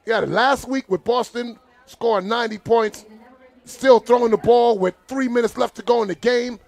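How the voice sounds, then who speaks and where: A man's voice: very high voice, steady tone, moderate pace, creaky. A man calling a live football game as commentator, getting worked up and indignant as he talks to the field. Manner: exasperated, indignant, talks to the players. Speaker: play-by-play commentator.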